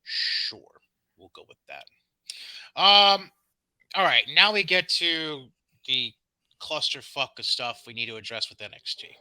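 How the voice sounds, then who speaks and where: A man's voice: on the high side, expressive, measured pace, long pauses, bright, forceful tone, clean tone, no room sound, low-quality recording. A man co-hosting a podcast, casually recapping wrestling shows with sarcastic, dismissive asides and frequent ums. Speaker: podcast co-host.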